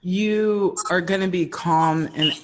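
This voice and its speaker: A man's voice: high voice, steady tone, takes it slowly, background noise. A man hosting a casual podcast conversation, talking in an earnest, conversational way and drawing out his guest with questions. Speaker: podcast host.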